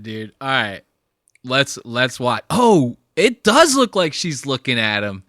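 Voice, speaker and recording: A young man hosting a reaction video in casual commentary, talking in a loose, profane, rambling way while a bit high. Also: sing-song, slow pace, fairly bright tone, no echo, studio quality. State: high on marijuana.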